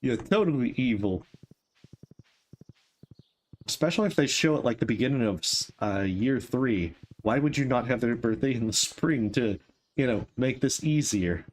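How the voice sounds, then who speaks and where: With faint game music behind him, a medium-pitched man streams a game and jokingly talks to the characters as he plays. His casual commentary is animated and delivered at a normal speed.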